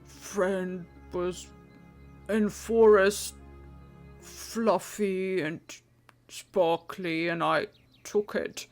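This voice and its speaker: A big, scared hill giant with the mind of a small child, sniffling through short, broken phrases, as a woman puts him on. His words come slowly and simply. A bit of music plays behind him. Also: lowish voice, fairly even intonation, darkish tone. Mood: tearful, simple. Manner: broken simple speech, slow.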